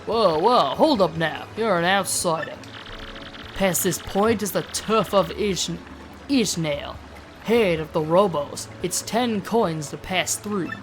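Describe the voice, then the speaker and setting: A woman's voice: on the low side, takes it slowly. A woman voicing a cocky, mocking male street thug with a tough, taunting manner, over game music.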